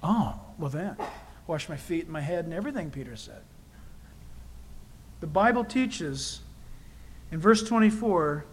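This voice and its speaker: A man's voice: high voice, slight background noise, low-quality recording. A man preaching a sermon in a conversational, emphatic way, repeating key phrases and dropping in personal asides. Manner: self-deprecating personal asides. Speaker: pastor.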